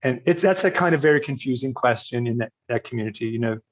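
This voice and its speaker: An older man from Virginia, a podcast guest telling a personal story in a halting, self-correcting way with frequent laughs. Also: medium pitch, muffled recording. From Virginia, USA. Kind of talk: casual storytelling interview.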